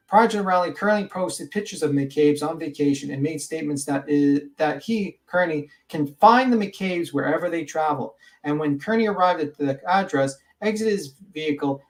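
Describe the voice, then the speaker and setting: A male livestream host reading a document aloud with blunt, profane, indignant asides. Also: fairly high pitch.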